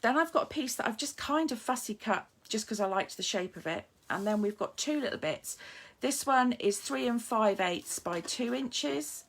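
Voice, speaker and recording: A woman's voice: a little high, animated, moderate pace, vocal fry, few pauses. Chatty woman demonstrating card-making live. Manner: chatty and self-mocking, greets viewers while working. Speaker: papercraft demonstrator.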